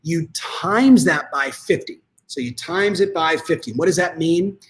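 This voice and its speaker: A man coaching real estate agents in an energetic, conversational motivational talk, speaking straight to his audience. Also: fairly high pitch, unhurried.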